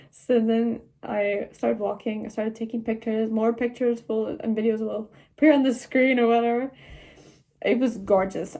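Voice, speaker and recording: A woman's voice: on the high side, mellow. A seventeen-year-old girl chatting through a travel storytime vlog, laughing often and filling her talk with "like". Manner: chatty, laughing, many "like" fillers. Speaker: travel vlogger.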